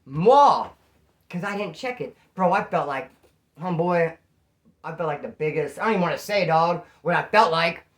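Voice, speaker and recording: A man from Bakersfield tells a story from his prison days. He talks fast, in animated street slang, as a casual storyteller. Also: on the high side. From Bakersfield, California.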